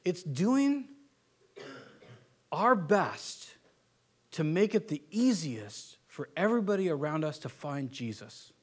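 A man with a high voice preaches in an easy, conversational way. He circles back on his phrases, stumbles through restarts, and drops into quick mock voices to land his points. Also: very animated. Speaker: pastor. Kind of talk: sermon.

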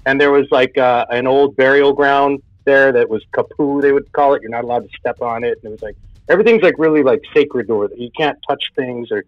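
A man's voice: mid-range voice, brisk, no room sound. A man telling a personal spooky story in a casual, rambling way, full of filler words. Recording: dull lo-fi sound with faint music.

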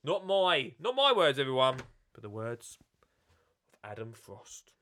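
A man's voice: medium pitch, very animated, measured pace, sharp tone. A man with a cold, chatting casually and jokily to viewers about his gardening book, with lots of restarts. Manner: jokey, rambling, many restarts. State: has a cold. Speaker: author and gardening presenter. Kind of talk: casual live video chat.

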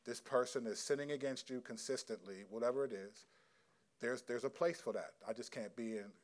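A man's voice: medium pitch, a little fast. A middle-aged man preaching as a pastor, earnest and conversational, answering a question from the congregation. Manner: earnest, conversational, acts out quotes. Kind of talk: sermon with audience Q&A.

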